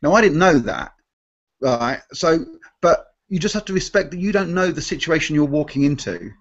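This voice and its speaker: A man's voice: a little high, expressive, normal speed, muffled recording. A man, a magician guest in a live Q&A, talking animatedly and restarting his sentences often. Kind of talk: live Q&A chat.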